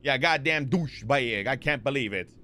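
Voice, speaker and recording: A man's voice: mid-range voice, moderate pace, bright, forceful tone, lightly acted. A man voicing a brash New York street tough with a put-on Brooklyn accent, swaggering and swearing.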